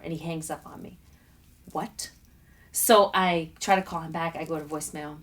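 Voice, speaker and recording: A woman guest on a talk show, animated as she tells a personal story and acts out quotes in a studio. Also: low voice, moderate pace. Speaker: guest speaker. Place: community TV studio.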